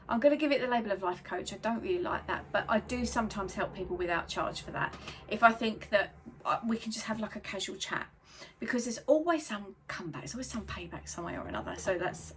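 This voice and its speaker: A middle-aged woman, talking in a casual, chatty motivational vlog, rambling and digressing and putting on lively voices when she quotes people. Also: mid-range voice, slight background noise. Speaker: vlogger and life coach.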